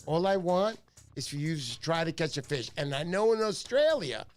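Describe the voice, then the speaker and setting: A middle-aged man hosting a casual livestream, telling excitable stories and acting out the voices of the people in them. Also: a little high, normal speed. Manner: excitable storyteller, acts out voices in his stories. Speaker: livestream host.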